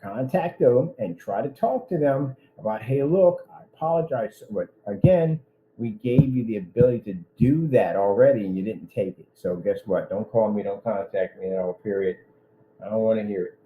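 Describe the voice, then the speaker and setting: A man's voice: on the low side, moderate pace, narrow, tinny audio, a little hiss or hum. A man running his own business, ranting in a vlog with indignant threats aimed at one person. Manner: repetitive, addresses one person directly. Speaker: business owner.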